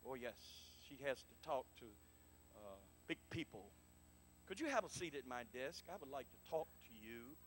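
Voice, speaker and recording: A man preaching a prophetic sermon to a congregation in a church, calling for responses and repeating his lines, dropping to soft murmurs and then rising to loud exclamations. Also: mid-range voice, sing-song, moderate pace, slight background noise. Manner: emphatic, repetitive, swings between soft murmurs and loud exclamations. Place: church sanctuary.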